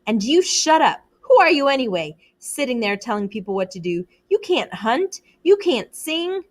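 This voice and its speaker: A woman's voice: a little high, very animated, moderate pace, pitched above the performer's own voice. Jack, a woman playing a sneering boy hunter. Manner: sneering, scornful.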